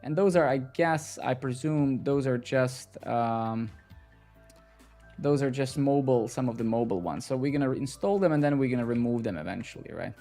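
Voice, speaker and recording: A man's voice: mid-range voice, moderate pace, dark tone, soft background music. A man live coding on a stream, thinking aloud as he works and swearing at the code when it breaks. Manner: muttering to himself, swearing in frustration.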